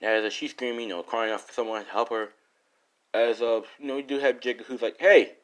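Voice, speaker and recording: A man's voice: mid-range voice, steady tone, brisk. A man casually improvising a fan story, rambling and correcting himself as he goes.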